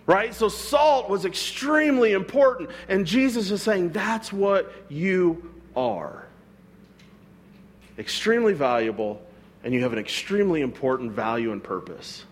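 A man's voice: sits high, animated, normal speed. A man, a pastor, preaching a sermon in a conversational way, with frequent rhetorical asides to his congregation.

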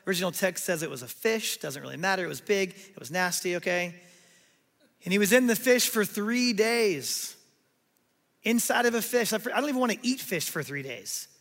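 A male pastor preaching a sermon, telling a story with animated delivery and acting out what people said. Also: high voice, normal speed, vocal fry, big-room sound.

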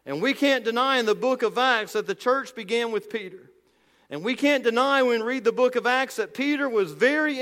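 A male pastor preaching a sermon with emphasis, slowing down and dropping low on key phrases. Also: fairly bright tone, in a large hall.

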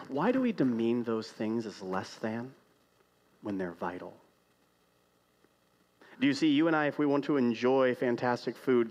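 Man, pastor, conversational sermon, rhetorical questions, shifts from loud to hushed. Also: medium pitch.

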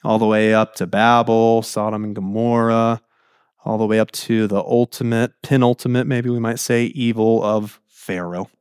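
A man preaching a sermon in an animated way, acting out the quotes in his text and laughing easily. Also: lowish voice, normal speed, clear, resonant tone, no echo, clean studio sound. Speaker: pastor.

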